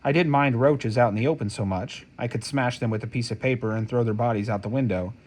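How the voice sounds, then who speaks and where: A man reading a novel aloud as an audiobook, in steady, measured first-person storytelling. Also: mid-range voice. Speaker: audiobook narrator.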